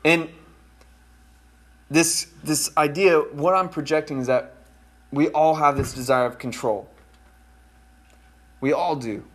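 A man's voice: fairly high pitch, slow pace, long pauses. A man, a pastor with children, preaching a conversational sermon and talking straight to his congregation. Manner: conversational, folksy, addresses congregation directly.

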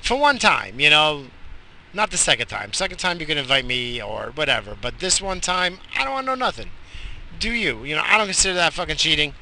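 A man's voice: fairly high pitch, big pitch swings, brisk, bright, forceful tone, slight background noise. A tired man in his forties, hosting a podcast, rambling bluntly and profanely with a joking streak. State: exhausted. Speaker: podcast host. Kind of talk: crude rambling monologue.

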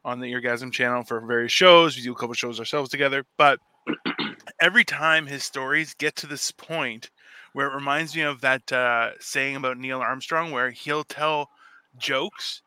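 Man, podcast host, very bright high voice, dry close mic, animated and profane. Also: moderate pace, smooth, no room sound. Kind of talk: casual podcast chat.

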